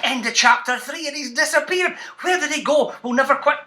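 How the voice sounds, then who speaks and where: Scottish guy reading to kids, bright lively voice, teasing and fun. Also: extremely high pitch, brisk, a little hiss or hum. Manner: animated, playful, teasing. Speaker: children's author. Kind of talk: reading and teaching to schoolchildren.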